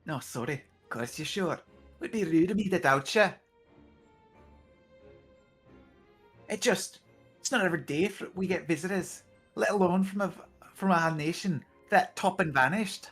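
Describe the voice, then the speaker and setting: A woman's voice: on the low side, normal speed, slightly rough. A woman voicing a cheerful, helpful young male townsman in a Scouse accent, reading game dialogue. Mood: apologetic. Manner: chatty and polite, bursts of hearty exclamation. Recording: background music under the voice.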